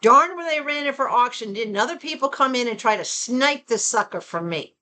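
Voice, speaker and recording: A woman's voice: brisk, hardly any pauses, a little hiss or hum. A woman with a Southern American accent chatting casually and expressively to her viewers from home. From Southern United States. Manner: chatty and expressive, rising to animated pitch when excited. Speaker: vlogger. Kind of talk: casual chat.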